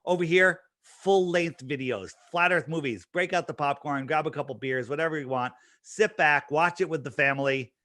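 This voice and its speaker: A man guesting on an interview, talking fast and emphatically with plenty of restarts and fillers. His voice sits fairly high, and the recording is dry and close, with little room sound. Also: fairly bright tone, no room sound. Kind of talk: casual promotional talk.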